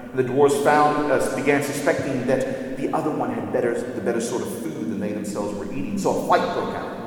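A man giving a measured, reflective literature lecture, reading passages aloud. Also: mid-range voice, a little mellow. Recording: echoey hall with long reverb.

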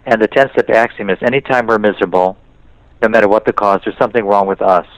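A priest with a low voice tells stories and quotes the people in them as he gives spiritual guidance. The sound is dull, like a radio broadcast, and very dry, with no room around him. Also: fairly even intonation, quick pace, no room sound. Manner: storytelling, slips into quoted voices. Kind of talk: spiritual talk in an interview.

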